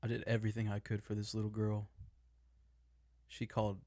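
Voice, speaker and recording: A man's voice: lowish voice, completely flat delivery, a little fast, warm tone, dry recording. A man telling an emotional personal story, agitated and swearing as he vents about family.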